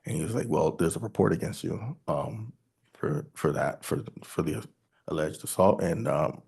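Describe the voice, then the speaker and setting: A man testifying at a hearing, recounting events in a halting, hesitant way that often breaks off and restarts. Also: a bass voice, gravelly, a little mellow, slightly rough.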